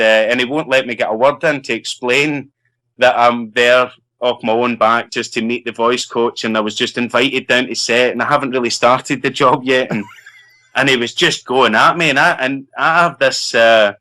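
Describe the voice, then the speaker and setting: Actor, bright forceful voice, chatty anecdote teller. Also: male voice, mid-range voice, poor audio. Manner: lively, laughs while telling a story. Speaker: actor guest. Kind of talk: anecdotal storytelling.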